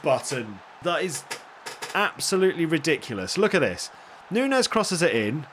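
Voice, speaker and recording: A man casually commentating his own football management game, getting excitable and swearing when things go wrong. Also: a little high, normal speed, a little hiss or hum. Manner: excitable, swears when frustrated, self-deprecating asides. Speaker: gaming streamer.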